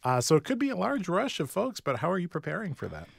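A man's voice: high-pitched, wildly swooping pitch, quick pace, gravelly, breathy edge, dry recording. A man hosting a live radio interview in a restaurant, eager and tasting dishes as he talks. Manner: enthusiastic, tasting food while talking. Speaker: radio host.

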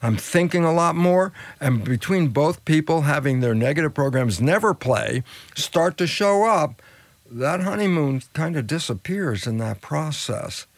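Animated older man telling a story. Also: unhurried, dry recording. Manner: acts out quoted dialogue, swings pitch widely for emphasis. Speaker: interview guest, biologist.

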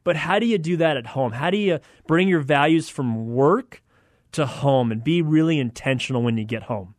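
A man's voice: a little high, moderate pace, no room sound, clean studio sound. Earnest man hosting a faith talk show. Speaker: radio show host. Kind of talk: faith-based radio talk.

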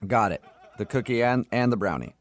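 A man's voice: lowish voice, very animated, fairly quick, no echo. A man hosting a morning radio show, playfully posing as a bank manager in a prank phone call. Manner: playful, feigning innocence while munching.

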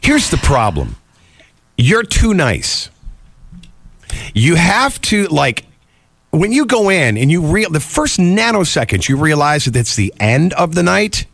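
A man's voice: a little high, huge pitch swings, measured pace, vocal fry, fairly bright tone, dry recording. A man in casual chat giving blunt, opinionated advice.

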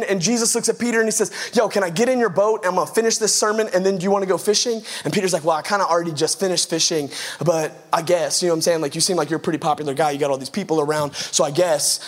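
A pastor in his thirties delivers a sermon in an easygoing, conversational way. His voice sits high for a man. He keeps it lively, acting out little voices and bits of slang as he talks. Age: 30s. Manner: casual, animated, acts out voices with slang and laughs.

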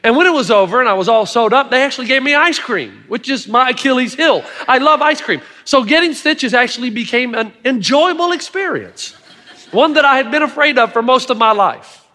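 A man's voice: very high-pitched, lively intonation, brisk, sharp tone, big-room sound. A middle-aged man preaching a sermon, telling stories with emphatic asides to the congregation. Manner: storytelling, emphatic with audience asides.

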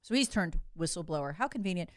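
A woman hosting an opinion monologue, sarcastic, swinging from loud outbursts to muttered asides and mocking voices. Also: fairly low pitch, expressive, fast, no echo, clean studio sound. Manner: acts out mocking voices of others. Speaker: political commentary host.

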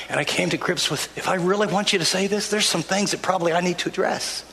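A man's voice: high voice, quick pace, creaky, bright, forceful tone. An older man, a pastor, preaching a sermon in a church in an earnest, conversational way, often restarting his sentences. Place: church sanctuary. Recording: long hall reverb, faint ambience.

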